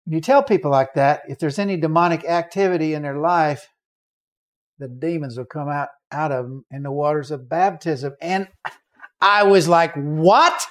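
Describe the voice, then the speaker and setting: A man preaching a sermon, telling a story with animated acted-out voices and shouts. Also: a little high, normal speed.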